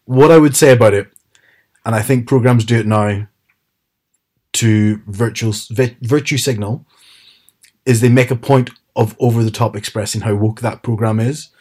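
A man's voice: mid-range voice, fairly even intonation, normal speed, a little mellow. A man chatting casually as a podcast co-host, retelling TV scenes with quoted lines. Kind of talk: casual chat.

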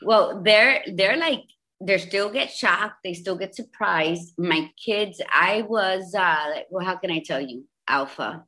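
A woman's voice: mid-range voice, lively intonation, takes it slowly, pushed and bright. A woman in her fifties, a guest in an interview, telling her own story with emphatic, repetitive storytelling. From Bridgeport, Connecticut, US. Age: 50s. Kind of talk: candid personal interview.

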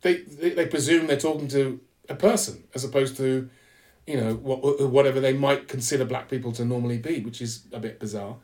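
Speaking at medium pitch with a darkish tone, this English-accented guest from London, England talks candidly and thoughtfully in a conversational podcast interview, earnest and halting as he keeps restarting his sentences.

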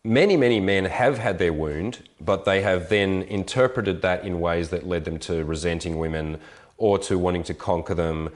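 A man's voice: sits low, normal speed. A man hosting an interview, asking thoughtful, probing questions. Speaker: podcast host. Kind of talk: interview conversation.

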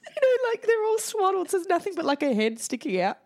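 Woman, lively swooping pitch, dry close sound, giggly casual chat. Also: fast, no echo. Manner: giggly, animated storyteller. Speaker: podcast co-host.

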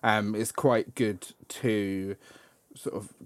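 A man's voice: on the low side, steady tone, slow, no room sound. A man hosting a casual podcast chat about a film, rambling with many ums and frequent laughs. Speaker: podcast host.

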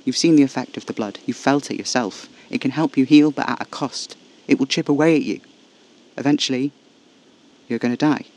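Solemn male vampire, voiced by a man, gravelly, flat delivery, quiet and apologetic, horror audio story. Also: medium pitch, fairly quick.

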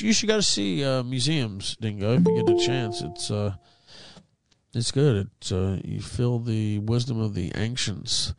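Profane, animated young man telling stories. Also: medium pitch, creaky, smooth, no room sound. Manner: profane, petty, animated storytelling. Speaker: podcast host. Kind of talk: casual chat.

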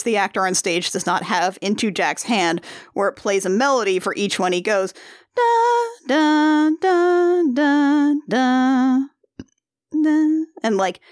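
A woman co-hosting a casual chat recapping a musical, animated and often acting out quoted lines with laughter. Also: mid-range voice, no echo, studio quality. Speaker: podcast co-host.

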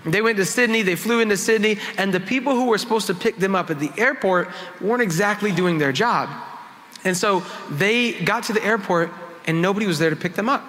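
A man's voice: sits high, fairly quick, a bit bright, in a large hall. A man, a worship pastor, giving a conversational sermon full of self-deprecating personal stories in a church sanctuary.

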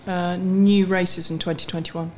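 A woman's voice: fairly low pitch, flat delivery, unhurried, darkish tone, slight background noise. A middle-aged woman guest on a podcast, a chief executive, chatting frankly and mocking herself with easy laughter. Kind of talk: casual podcast interview.

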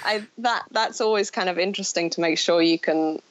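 Chatty low-voiced woman with an English accent. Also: fairly quick, no room sound, highs cut off. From Scotland. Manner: chatty, laughs often. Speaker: actress, interview guest. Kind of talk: casual chat.

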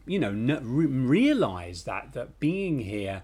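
A middle-aged man from North London with a London accent, co-hosting a podcast in animated, rambling, self-deprecating chat. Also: medium pitch, takes it slowly, husky. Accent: London English. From North London, England. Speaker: podcast co-host. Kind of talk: casual chat.

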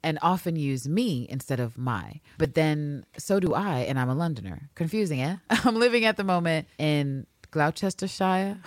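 Low-voiced animated woman, swearing and laughing. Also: normal speed, dry recording, studio quality. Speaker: podcast co-host. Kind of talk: casual podcast chat.

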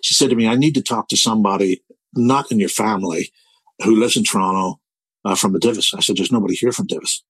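Husky older Northern Irish man. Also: fairly low pitch, fast, fairly bright tone, no room sound, poor audio. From Belfast, Northern Ireland. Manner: rambling, repeats words while telling a story. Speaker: interviewee. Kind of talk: storytelling conversation.

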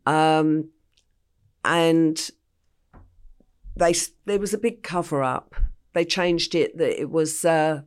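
A woman's voice: low voice, steady tone, slow, long pauses, smooth. An older English woman, an interview guest, telling her story vividly and acting out the voices she quotes. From England.

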